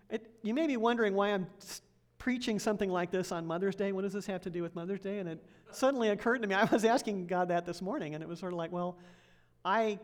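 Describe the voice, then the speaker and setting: Lady pastor giving a relaxed sermon in church, chatty, laughs a bit. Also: medium pitch. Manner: conversational, laughs often, asks congregation questions. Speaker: associate pastor.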